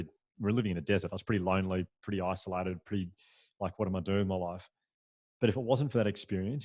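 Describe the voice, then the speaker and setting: A man, a podcast guest, telling a story in a lively, anecdotal way, with frequent restarts and fillers. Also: low voice, no echo. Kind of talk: storytelling in a conversational interview.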